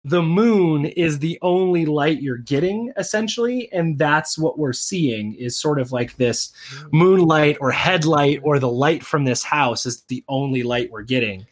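Man, casual chat, rambling, lots of restarts, slightly higher voice. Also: unhurried. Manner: rambling, many restarts and fillers. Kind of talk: casual chat reviewing a comic.

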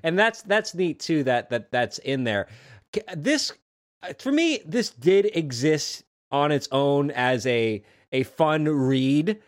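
A man's voice: a little high, lively intonation, takes it slowly. A man co-hosting a podcast in casual chat, asking curious questions and often repeating words as he restarts. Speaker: podcast co-host. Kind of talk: casual chat about comics.

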